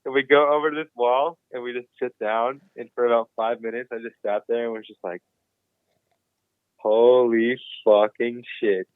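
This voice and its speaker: A young man, a guest on a podcast, telling a story in casual, animated talk and swearing constantly. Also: medium pitch, quick pace, few pauses, no echo. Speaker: podcast guest, BMX rider. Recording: dry, phone-like narrow sound.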